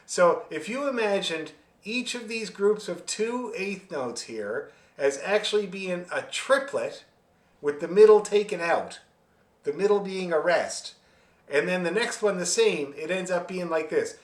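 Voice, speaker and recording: A man teaching a fiddle class over a video call, explaining rhythm in a friendly, joking way and singing the beats out loud. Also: fairly high pitch, expressive, takes it slowly, echoey room. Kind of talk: online music lesson, explaining and demonstrating.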